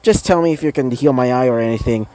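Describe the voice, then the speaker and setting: A man's voice: medium pitch, fast talker, warm tone, natural voice. A man voicing a cold, dismissive teenage girl student in a fan-made story reading, speaking curtly and grumpily. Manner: curt and grumpy.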